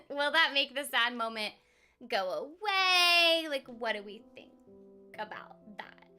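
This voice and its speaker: Streamer, woman, high lively voice, bubbly and giggly chatter. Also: slow, clean tone, soft background music. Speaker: streamer and voice actor. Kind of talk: casual game stream chat.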